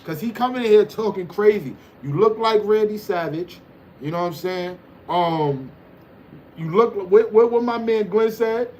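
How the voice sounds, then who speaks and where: A man's voice: high-pitched, normal speed, a little mellow, slight background noise. A man hosting a livestream, reading the chat and joking around in loose, teasing banter. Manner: loose, teasing banter with frequent "you know what I'm saying".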